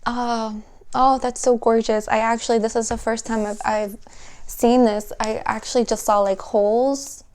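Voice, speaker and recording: A woman giving an intuitive tarot reading, talking softly and slowly in a dreamy way, often trailing off and starting her sentences again. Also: on the high side, little pitch movement, smooth. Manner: soft, slow and dreamy, trailing off and restarting; emotional, at times laughing through tears. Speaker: tarot reader.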